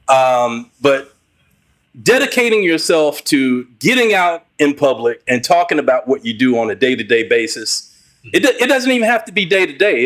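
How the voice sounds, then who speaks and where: A man's voice: medium pitch, a bit bright. A man as a podcast guest in casual conversation, encouraging and leaning on fillers.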